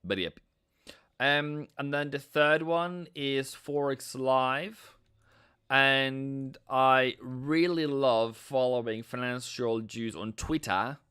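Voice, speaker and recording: Slow-paced and smooth with a sharp edge, a medium-pitched male voice carries this casual live trading stream. The host, a man from Norway, stays playful and chatty with viewers and throws in silly sound effects.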